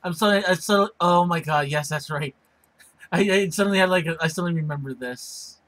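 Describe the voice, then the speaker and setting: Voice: medium pitch, brisk, fairly bright tone. A stream participant chatting casually, stumbling over words and swearing freely. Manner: stammering, restarts often, swears. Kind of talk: casual chat.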